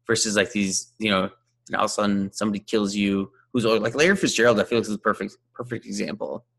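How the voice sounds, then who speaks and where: A man's voice: lowish voice, a bit bright. A man co-hosting a fantasy football podcast in casual chat, rambling with lots of fillers. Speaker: podcast co-host.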